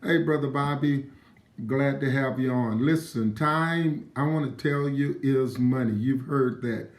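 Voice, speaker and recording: A man's voice: mid-range voice, measured pace. Emphatic male motivational speaker, echoey room. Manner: emphatic, repetitive, greets viewers by name. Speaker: live stream motivational speaker. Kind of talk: preachy motivational talk.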